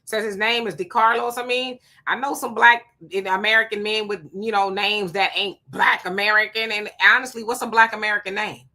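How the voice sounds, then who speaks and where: A woman's voice: mid-range voice, fairly even intonation, brisk, hardly any pauses, pushed and bright. A woman co-hosting a live stream, reading viewer comments aloud and greeting people by name in a blunt, casual way. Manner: blunt, talks back to commenters.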